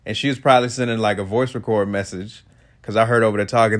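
A man's voice: lowish voice, steady tone, fast. A man hosting his own show, delivering a casual, profane rant with sarcastic asides and frequent laughter. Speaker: solo talk host.

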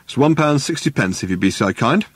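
Courteous barman voiced by a male reader, soft and hushed, dry and close. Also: medium pitch, animated, brisk, slightly rough, no room sound, voice pushed up. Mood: polite. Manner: polite, then hushed. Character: polite pub barman, shaken and awed.

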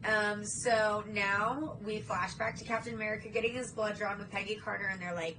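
A woman's voice: mid-range voice, steady tone, normal speed, background noise. A young woman co-hosting a podcast, chatting casually and animatedly, swearing freely and acting out movie scenes. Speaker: podcast co-host. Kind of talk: casual chat.

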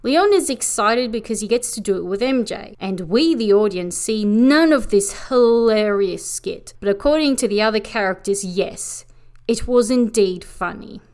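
A woman giving a sarcastic, profane comedic recap of an anime, tossing off quick mocking voices for the characters. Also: mid-range voice, expressive, a little mellow. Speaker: anime reviewer.

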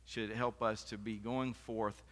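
A man's voice: lowish voice, flat delivery, measured pace, a bit bright. A man preaching a sermon as pastor, in a conversational style with off-the-cuff asides. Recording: long reverb of a hall.

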